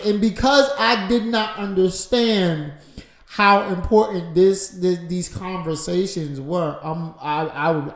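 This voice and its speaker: A man co-hosting a podcast, telling stories in a casual, animated way and laughing often. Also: high voice, roomy sound. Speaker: podcast co-host. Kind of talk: casual married-couple chat.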